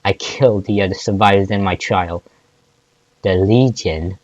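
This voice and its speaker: A man's voice: on the low side, little pitch movement, brisk, dry recording, dull audio. A man reading fan fiction aloud, often stumbling and restarting words. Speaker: fanfic reader.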